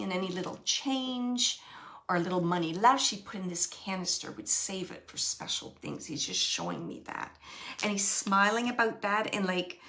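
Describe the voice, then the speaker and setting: A woman working as a medium, relaying a spirit's messages in soft, halting phrases that often drop to a whisper. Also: mid-range voice. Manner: repeats phrases and pauses searching for words. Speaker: psychic medium. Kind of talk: channeling a spirit reading.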